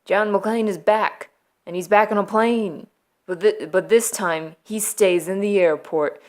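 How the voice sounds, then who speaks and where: A young adult woman vlogger retelling movie plots from memory in a playful, deadpan way, laughing often. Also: medium pitch, measured pace. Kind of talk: comedic movie recap from memory.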